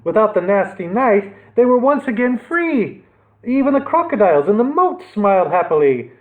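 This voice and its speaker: A male librarian with a high, very animated voice reads a children's adventure story aloud at storytime, narrating dramatically at a normal speed. The recording sounds tinny, like a phone.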